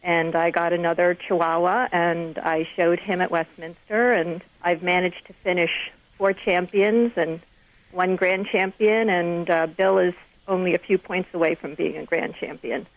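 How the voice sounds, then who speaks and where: A woman, a guest author who shows dogs, talking in an unhurried, friendly way on a phone interview. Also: on the low side, steady tone. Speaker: guest author and dog show exhibitor. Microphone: telephone. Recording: dull phone-line audio.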